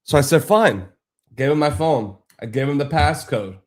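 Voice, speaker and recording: A man's voice: on the high side, a little fast, a little mellow. A man casually telling a long, frustrated story on a live stream, rambling and swearing freely.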